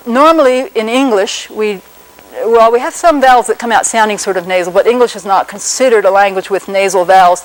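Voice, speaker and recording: Middle-aged woman linguist on radio, says vowel sounds out loud, lots of uhs and restarts, mid pitch. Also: rough recording. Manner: demonstrates vowel sounds aloud, many fillers and restarts. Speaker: linguist guest explaining phonetics. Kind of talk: explanatory radio talk.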